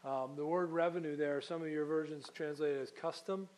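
Pastor with a fairly high voice. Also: male voice, fairly even intonation, a little fast, darkish tone, rough recording. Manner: conversational teaching, asks the congregation questions. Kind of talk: sermon.

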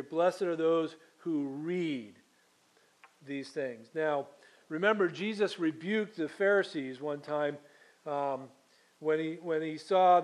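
A man preaching a sermon, reading scripture aloud and then teaching it with frequent fillers and restarts. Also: fairly high pitch. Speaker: pastor.

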